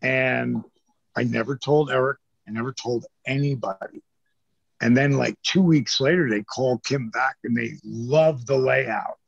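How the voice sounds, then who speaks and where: A gravelly, husky older man tells stories in a loose interview, jumping into the voices of the people he quotes and cursing freely. The sound is dry and dull, with a lo-fi edge from a remote recording. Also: medium pitch, measured pace, dry recording. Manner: animated storyteller, acts out quoted voices, swears casually. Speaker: interview guest, former pro wrestler. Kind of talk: casual storytelling interview.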